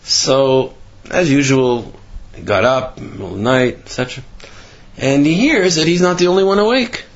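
A man giving a Torah class sermon with animated storytelling, rising in pitch for emphasis. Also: normal speed, vocal fry, highs cut off. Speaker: religious teacher.

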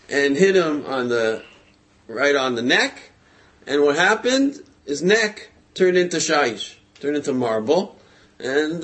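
A man with a voice on the high side tells a religious story in a casual, lively manner, often hesitating, using fillers and chuckling.

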